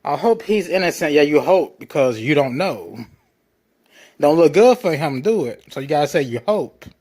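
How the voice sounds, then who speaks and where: A man's voice: a little high, expressive, normal speed, darkish tone, breathy edge. A man hosting a show, reading articles and comments aloud in a sarcastic, mock-incredulous tone and repeating phrases over and over. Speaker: show host.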